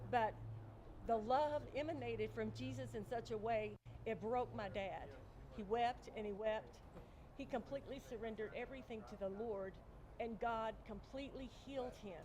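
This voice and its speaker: A woman's voice: fairly high pitch, moderate pace, crowd noise, poor audio. A woman guest sharing a personal faith testimony in conversation, earnest, often acting out her own past dialogue. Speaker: interview guest. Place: outdoors on a bench.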